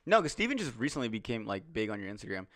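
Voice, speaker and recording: Fast-talking young man, rambling podcast chat. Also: lowish voice, big pitch swings, fairly bright tone, no room sound. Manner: rambling, loose slang, quick restarts. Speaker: podcast co-host. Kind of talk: casual chat.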